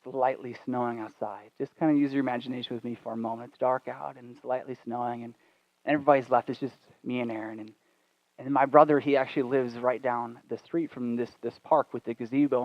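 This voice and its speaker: A man pastor telling a story in a sermon at church, animated and poking fun at himself. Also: mid-range voice, no room sound. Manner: animated, self-deprecating humor. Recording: dull, dry sound.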